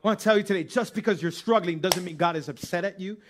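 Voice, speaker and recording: A high-pitched man preaching with big swings in volume, dropping to a near-murmur and then climbing to loud, pleading peaks. He voices scripture as if it were his own confession. His delivery is lively and heartfelt. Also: fast, noisy background. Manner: acts out scripture in first person. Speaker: pastor. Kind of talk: sermon.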